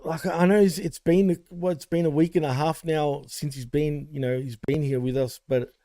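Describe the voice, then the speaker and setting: A man's voice: on the high side, steady tone, moderate pace, dark tone. A man co-hosting a wrestling podcast, paying a rambling, heartfelt tribute to a late friend, full of fillers. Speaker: podcast co-host.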